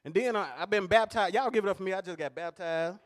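A man doing animated stand-up comedy at a church service, laughing at his own jokes as he tells stories. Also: high-pitched, fast. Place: large church hall. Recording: long reverb of a large church hall.

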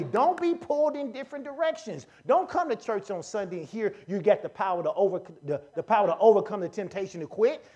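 A man preaching at a church service, leading the congregation in call-and-response and building from calm teaching to shouted fervor. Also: high voice. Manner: leads the congregation in repeat-after-me lines.

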